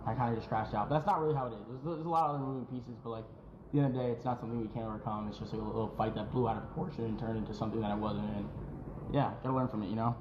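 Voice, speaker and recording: A man's voice: fairly low pitch, fairly even intonation, very fast. A man in a streamed clip, talking reflectively and rambling with many fillers. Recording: dull echoey room with clear background noise.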